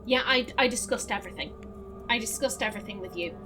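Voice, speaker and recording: A woman's voice: fairly high pitch, fast talker, noisy background. A woman hosting a let's play, chatty, frank and joking over game music. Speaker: gaming video host.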